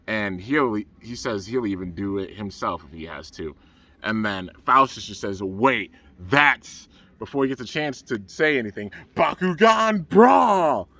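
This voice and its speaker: Bright-voiced excited male reviewer. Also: fairly low pitch, normal speed. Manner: rambling, enthusiastic, says "man" a lot. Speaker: anime reviewer. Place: outdoors under trees.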